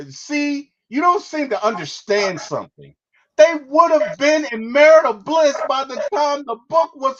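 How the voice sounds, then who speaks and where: A furious young woman, as a podcaster puts her on, snaps sarcastic lines, her pitch high and leaping with indignation. The delivery is slow and deliberate, and the sound is dull and lo-fi. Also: a bit bright, exaggerated voice.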